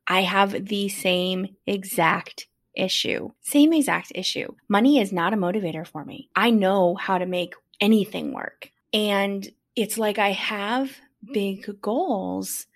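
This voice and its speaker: Woman podcast host, eager and chatty, quick to relate. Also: medium pitch. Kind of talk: casual conversation.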